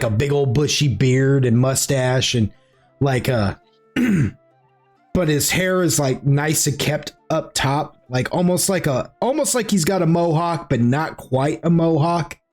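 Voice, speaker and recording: A man's voice: on the high side, slow, a little mellow, faint music behind. A man narrating a tabletop game as dungeon master, with casual, rambling talk that often breaks into laughter.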